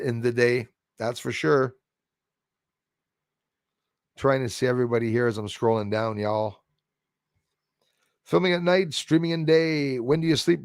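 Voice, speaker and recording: Man, live stream host, gravelly voice, dry close sound, rambling casual chat, greets viewers by name. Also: a little high, no echo.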